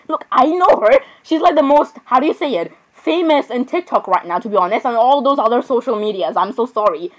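Playful high-voiced woman gamer. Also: poor audio. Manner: chatty, laughs often, playfully sarcastic. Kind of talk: casual gameplay commentary.

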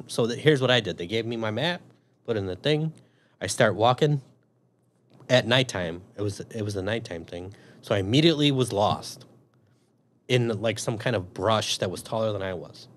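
A man's voice: lowish voice, normal speed. A man, an army veteran and police officer, telling a long story in a casual interview, swearing freely and acting out what he thought back then. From Chicago. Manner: profane, animated storyteller acting out his own past thoughts.

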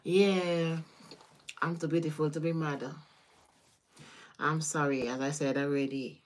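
Caribbean woman chatting on a live stream. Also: lowish voice. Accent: Caribbean, Jamaican-style patois. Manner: chatty and animated, swears freely, laughs often. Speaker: tarot reader. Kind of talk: casual live-stream chat with viewers.

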